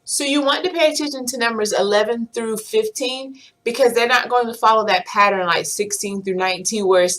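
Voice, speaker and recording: Lady teacher counting numbers real slow, clear careful pronunciation, quizzing as she goes. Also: medium pitch. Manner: explains in English, quizzes numbers aloud. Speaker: Spanish teacher. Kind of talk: language lesson.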